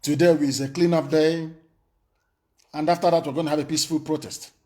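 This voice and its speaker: A man's voice: on the high side, steady tone, fairly quick, dark tone. A man giving an impassioned, defiant political address, emphatic and full of rhetorical questions. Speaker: political broadcaster.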